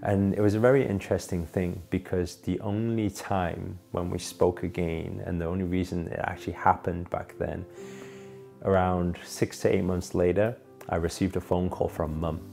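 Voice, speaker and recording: Deep gravelly man telling a story. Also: flat delivery, normal speed, soft background music. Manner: earnest, building to emphatic peaks then dropping soft. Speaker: spiritual teacher telling a personal story. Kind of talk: storytelling monologue.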